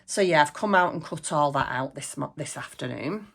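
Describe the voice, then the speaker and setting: A middle-aged woman hosting a crafting channel, chatting excitedly to the camera at home and laughing often. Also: low voice, moderate pace, creaky. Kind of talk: casual chat to camera. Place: small home craft room.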